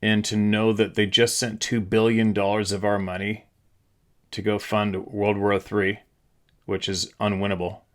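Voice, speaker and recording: A man's voice: lowish voice, level tone, a little slow. A middle-aged man from Canada, hosting his channel, delivering a frustrated, profane ranting monologue. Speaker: channel host.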